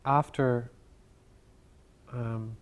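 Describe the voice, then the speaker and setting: A man, an actor as interview guest, telling stories in a halting, thoughtful way and often circling back on his words. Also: medium pitch, fairly even intonation. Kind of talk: Q&A interview, reflective storytelling.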